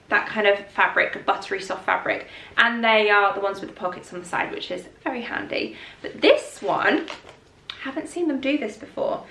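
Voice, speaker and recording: A woman's voice: mid-range voice, bright, forceful tone. A woman vlogger in a casual try-on chat, rambling and full of fillers, sounding congested from hay fever. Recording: roomy echo, mic at a distance.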